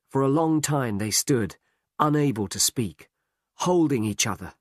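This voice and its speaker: A man narrating a graded reader story in a slow, measured audiobook style. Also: medium pitch, no room sound. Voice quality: slow, lively delivery. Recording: dry close recording.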